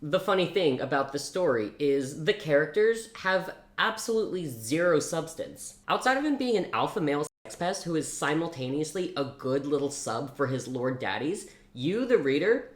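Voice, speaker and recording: Low-ish voiced woman ranting about a book, sarcastic and baffled, echoey room. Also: sing-song, normal speed, few pauses. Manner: sarcastic, incredulous. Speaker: book reviewer. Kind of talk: casual book review vlog.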